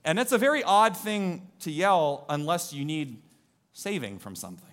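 A man preaching a lively, joking sermon to his congregation in a church, rallying them to join in. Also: on the high side, normal speed. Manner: animated, jokey, rallies the congregation. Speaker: pastor. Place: church sanctuary.

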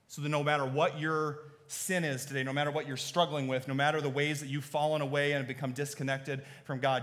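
A man preaching a sermon as pastor, moving between hushed, earnest appeals and lively storytelling. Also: medium pitch, a little fast, few pauses. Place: church sanctuary. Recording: long reverb of a large church hall.

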